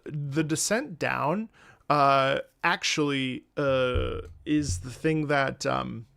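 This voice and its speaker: Gravelly streamer humming tunes. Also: male voice, fairly high pitch, no echo, studio quality. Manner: rambling, hums melodies, many restarts. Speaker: streamer reacting to music. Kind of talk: casual livestream commentary.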